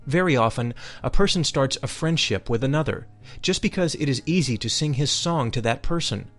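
A man reads spiritual teachings in a solemn, unhurried voice of ordinary pitch. He weighs each phrase deliberately and slows over lists. Quiet music plays faintly behind him. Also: animated. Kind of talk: solemn reading of a spiritual text.

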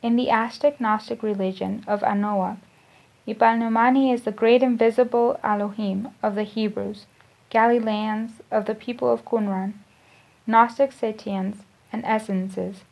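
A woman giving a spiritual lecture, reading esoteric teachings aloud in a measured, deliberate way, often restarting and repeating phrases. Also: on the high side, steady tone, creaky, darkish tone. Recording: dull lo-fi recording.

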